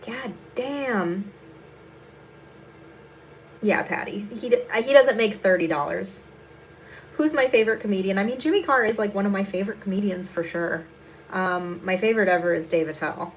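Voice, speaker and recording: Woman, young adult, comedian, livestream chat, blunt, sarcastic, swears a lot, middle pitch, doing makeup while talking. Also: normal speed, pauses often, slight background noise. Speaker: stand-up comedian hosting a livestream. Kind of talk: casual livestream chat answering viewers.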